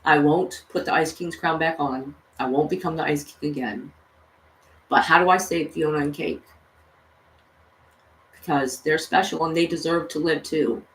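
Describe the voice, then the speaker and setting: A woman quoting a gentle, remorseful man from a cartoon in her own quiet, earnest voice. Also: low voice, steady tone, normal speed, long pauses. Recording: echoey room, distant mic.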